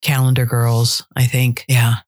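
A woman's voice: a bass voice, completely flat delivery, unhurried, darkish tone. A middle-aged woman who coaches dialects and directs theater, chatting in an interview and telling stories with restarts. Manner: chatty storyteller, trails off and restarts. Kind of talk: casual interview conversation.

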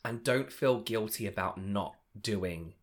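A man's voice: on the low side, measured pace. A young man co-hosting a chatty podcast, explaining skincare routines at length and laughing often. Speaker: podcast co-host. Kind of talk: casual chat.

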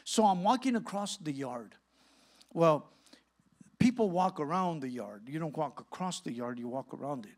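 A middle-aged man from California, a guest pastor telling a lively testimony in a sermon and acting out the dialogue. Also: on the high side, normal speed. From Santa Ana, California. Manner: animated storyteller acting out dialogue.

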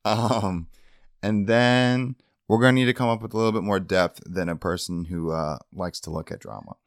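A low-voiced man co-hosting a comedy podcast, dry and firm as he steers the bit. The sound is close and dry, with no room around it. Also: steady tone, moderate pace, no room sound. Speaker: podcast co-host.

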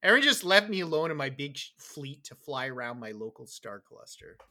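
A man co-hosting a casual podcast, playful and quick to laugh. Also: mid-range voice, very animated, bright, forceful tone. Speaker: podcast co-host.

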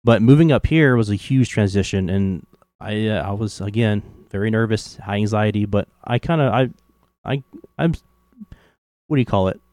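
A man's voice: lowish voice, normal speed, a little mellow, dry recording, clean studio sound. A man from Kentucky with a faint Southern accent, chatting casually on a podcast with lots of fillers. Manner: rambling, many "like" and "you know" fillers. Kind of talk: casual conversation.

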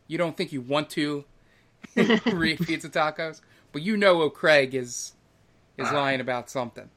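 A man running a tabletop game as game master, narrating with many pauses and fillers. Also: fairly high pitch, bright, forceful tone. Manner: hesitant, filler-heavy.

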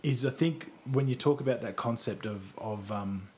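A man's voice: mid-range voice, normal speed, a little mellow. A man co-hosting a podcast, chatting casually about a film he likes, rambling and self-deprecating, with casual swearing. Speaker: podcast co-host. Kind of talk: casual film review chat.

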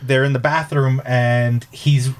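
A man's voice: medium pitch, little pitch movement, slow pace. A man chatting casually on a podcast about a film, rambling and restarting his sentences. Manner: rambling, self-correcting.

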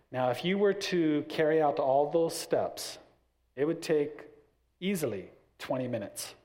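Middle-aged man, casual talk on parenting, animated storytelling, mid-range voice. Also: medium pitch. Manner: animated, acts out little scenes with family voices. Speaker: parent giving parenting advice.

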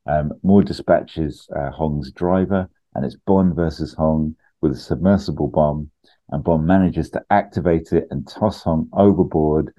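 A man co-hosting a podcast, casually pitching a film plot with lots of laughs and ums. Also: a little slow, mellow, muffled recording. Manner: chatty, laughs often, trails off with ums.

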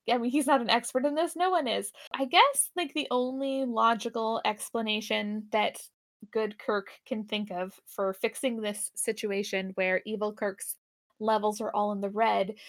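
A woman co-hosting a podcast, chatting casually as she recaps a TV episode, with a relaxed and chatty manner. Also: fairly high pitch, vocal fry. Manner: relaxed and chatty, many fillers. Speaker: podcast co-host.

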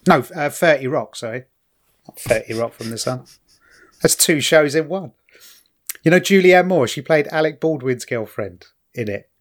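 A man's voice: a little high, normal speed, long pauses. A man co-hosting a podcast in casual chat, chatty and stumbling over words, laughing often. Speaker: podcast co-host.

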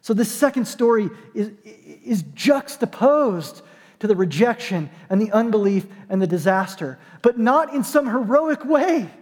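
A man's voice: sits high, lively intonation, a little slow, darkish tone, long reverb tail. A man preaching a sermon as pastor, conversational and emphatic, with dry self-deprecating jokes.

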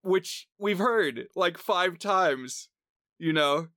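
A man's voice: sits high, drawn-out words, no room sound, clean studio sound. A man co-hosting a podcast, discussing a film casually and acting out bits of scenes. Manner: animated, acts out lines from scenes. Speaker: podcast co-host.

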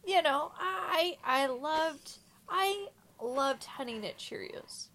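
A woman chatting casually as a podcast co-host, self-mocking and quick with asides. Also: high-pitched, lively intonation, bright, forceful tone. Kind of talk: casual chat.

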